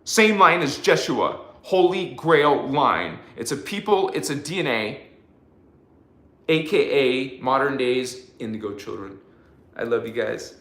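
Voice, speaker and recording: A man's voice: mid-range voice, a bit bright. A man hosting a spiritual live stream, leading repeated affirmations and chanting strings of invented syllables. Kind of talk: casual spiritual livestream talk with affirmations. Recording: echoey room.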